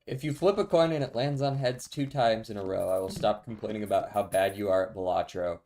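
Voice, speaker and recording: A man's voice: fairly low pitch, fairly quick, mellow, a little hiss or hum. A young man streaming a card game, giving dry, sarcastic commentary and swearing freely. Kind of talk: casual gameplay commentary.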